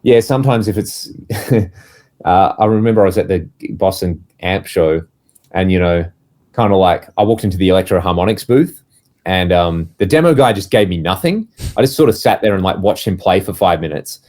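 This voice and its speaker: Guy, low register, casual co-host, animated anecdotes with acted-out quotes. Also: moderate pace. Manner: animated storyteller, acts out quoted voices. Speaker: podcast co-host, touring musician. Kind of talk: casual chat.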